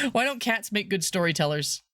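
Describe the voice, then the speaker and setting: A giggly woman streamer chatting on a live stream, her pitch leaping all over as she rambles. Her voice is bright and clear, recorded close and dry with no room around it. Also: no echo. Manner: giggly and rambling, laughs often; playful, bursts into high squeals. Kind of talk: casual livestream chat.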